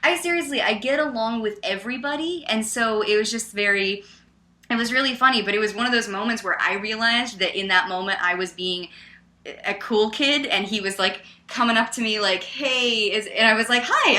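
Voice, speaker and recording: A woman co-hosting a podcast, telling a casual story in an animated, loud way with many "like"s and "um"s. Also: mid-range voice, fairly quick. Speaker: podcast co-host.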